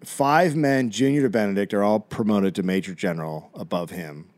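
Middle-aged guy, low voice, dry close sound, swearing his way through a history yarn. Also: moderate pace, a little mellow, no echo. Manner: profane, wry retelling with mock voices. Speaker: comedy podcast co-host. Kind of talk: casual storytelling.

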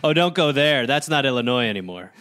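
Bright, bouncy-voiced joking man. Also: medium pitch, big pitch swings. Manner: quick jokey reactions, laughs often, playful voices. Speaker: podcast co-host. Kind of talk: casual comedic banter.

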